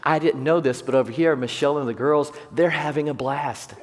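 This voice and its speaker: A man's voice: on the high side, brisk, a little hiss or hum. A man preaching a sermon, telling humorous personal stories and asking the congregation questions. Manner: jokey storyteller, asks the congregation questions. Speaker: pastor. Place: large church sanctuary. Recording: long church hall reverb.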